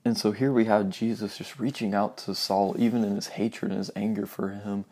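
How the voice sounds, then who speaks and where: A young man giving an earnest, informal sermon and reading scripture aloud, often dropping to a soft near-whisper for emphasis. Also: on the low side, fairly even intonation, normal speed. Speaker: preacher.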